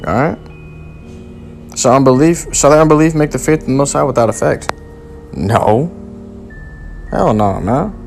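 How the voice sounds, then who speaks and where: A man preaching a sermon, reading scripture aloud and driving points home in forceful, repetitive, slangy talk. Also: medium pitch, lively intonation, normal speed, vocal fry, long pauses, soft background music.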